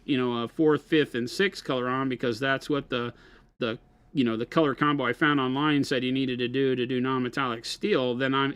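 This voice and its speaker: A man's voice: mid-range voice, fairly bright tone, dry recording. Brief: man, stream co-host, patient explainer, dry close mic. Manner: explains patiently, asks "right?" often. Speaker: co-host and painter on a hobby live stream. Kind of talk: casual live-stream chat and painting tips.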